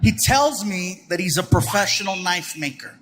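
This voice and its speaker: A man's voice: sits high, normal speed, over loud music. A male stand-up comedian telling stories on stage and acting out the people in them, recorded live with audience noise behind him. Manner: animated, acts out characters in voices. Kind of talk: stand-up storytelling.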